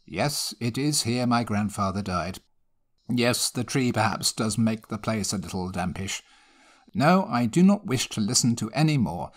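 A man's voice: fairly low pitch, lively intonation, measured pace. A man voicing an impatient, commanding country squire who speaks brusquely.

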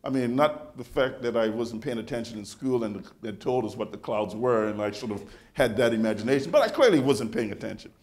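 A male pastor preaching a sermon in a conversational, animated storytelling manner, often restarting his phrases. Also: mid-range voice, brisk, hardly any pauses.

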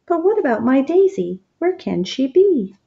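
A woman's voice: high voice, very animated, moderate pace, vocal fry, voice pushed up, full character voice. A woman putting on a worried farm woman. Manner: pleading, anxious. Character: worried farm woman searching for her lost hen. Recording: dull lo-fi recording.

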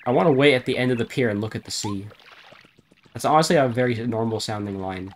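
A man on a live stream reading garbled game dialogue aloud in a deadpan comic voice, often breaking into laughter. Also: medium pitch, quick pace.

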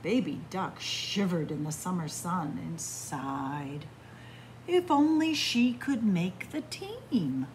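A woman children's librarian reading a picture book aloud, in a slow, animated storytelling manner. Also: fairly low pitch, a little hiss or hum.

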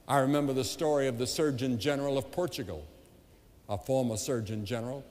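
A man evangelist delivering a revival sermon to a large crowd, emphatic and building to loud appeals, recorded live in an arena. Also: mid-range voice, moderate pace. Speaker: evangelist preacher. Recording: long hall reverb, live event.

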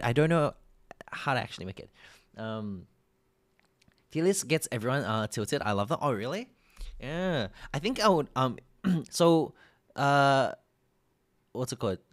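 A man's voice: mid-range voice, no echo, clean studio sound. An Australian man live streaming, chatting casually and rambling through a sponsored ad with frequent laughs and self-corrections.

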